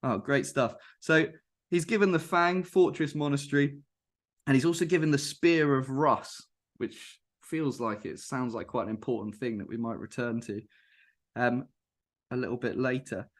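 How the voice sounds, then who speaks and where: A man's voice: mid-range voice, moderate pace. A man co-hosting a podcast, casually retelling game lore in a loose, sweary storytelling manner. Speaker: podcast co-host. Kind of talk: casual chat, reading out lore.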